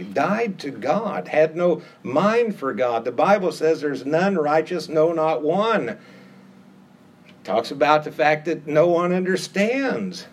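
A man's voice: a little high, breathy edge. A middle-aged man preaching a sermon with an emphatic, repetitive cadence that rises on key phrases.

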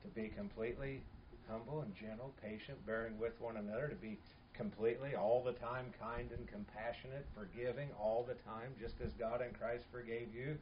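A man's voice: mid-range voice, fairly even intonation, moderate pace, dull audio, slight background noise. A man preaching a sermon in an earnest, emphatic way, repeating key phrases.

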